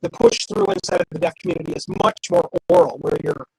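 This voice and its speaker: High-voiced man from Wisconsin, dry mic. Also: quick pace, vocal fry, dry recording, rough recording. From Wisconsin, USA. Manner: rambling, animated storyteller. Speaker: guest. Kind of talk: casual chat. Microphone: video call.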